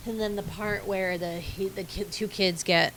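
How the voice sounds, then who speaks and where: A woman's voice: moderate pace, crowd noise. A woman co-hosting a podcast, chatting casually and acting out film lines in a jumped-up voice, with many fillers and laughs. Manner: animated storytelling, acts out movie lines in a high voice. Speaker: podcast co-host. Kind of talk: casual chat.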